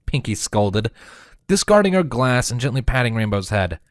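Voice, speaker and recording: A man narrating a fan fiction audiobook in a steady storytelling manner. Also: medium pitch, moderate pace, dry recording, studio quality.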